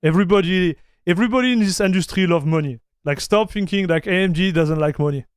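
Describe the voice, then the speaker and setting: A man, hosting a casual livestream chat, animated and stammering, calling his viewers bro and dude. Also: sits high, fast, clean tone, no echo, clean studio sound. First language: French. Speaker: livestream host.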